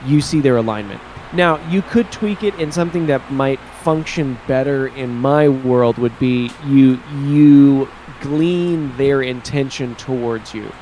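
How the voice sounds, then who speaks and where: A man's voice: medium pitch, a little slow, few pauses, warm tone, slight background noise, low-quality recording. A man co-hosting a podcast, chatting casually about tabletop games and thinking aloud with restarts. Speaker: podcast co-host.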